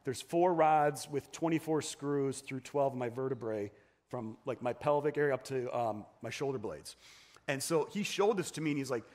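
A man's voice: mid-range voice, moderate pace, darkish tone. A man preaching in church, telling his own story in a conversational way, with many fillers and restarts. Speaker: pastor. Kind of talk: sermon testimony. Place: church sanctuary.

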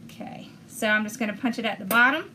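A woman's voice: a little high, quick pace, pushed and bright, a little hiss or hum. A woman hosting a crafting video, chatting enthusiastically as she talks viewers through each step. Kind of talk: casual crafting demonstration.

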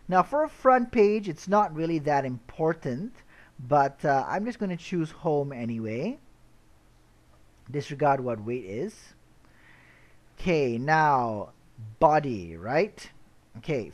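A slightly higher-pitched man talks through a software tutorial at an easy pace. He fills his pauses with "uh" and keeps checking in with "all right?" as he clicks along. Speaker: web tutorial instructor. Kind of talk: screen-recorded software tutorial.

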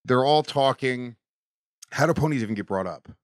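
A man's voice: medium pitch, normal speed, dry recording, studio quality. A man hosting a podcast, retelling a sitcom episode in casual chat, swearing a lot and mocking his sister. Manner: profane, mocking, animated retelling with voices. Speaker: podcast host. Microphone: studio mic.

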